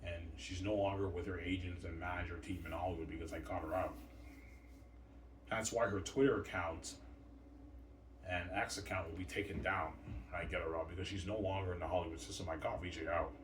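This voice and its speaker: A man's voice: low voice, fairly even intonation, a little fast. A man rambling in a long monologue, repeatedly tacking "man" onto his sentences. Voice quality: repetitive, trails off with "man". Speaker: vlogger. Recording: roomy, distant from mic, faint noise.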